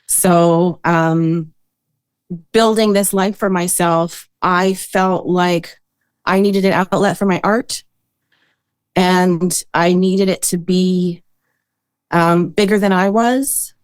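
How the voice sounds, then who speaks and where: A woman who works as a boudoir photographer, guest on a podcast, talking in an earnest, reflective way with frequent pauses and hesitations. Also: on the low side, steady tone, clear, resonant tone, dry recording. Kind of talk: casual interview talk.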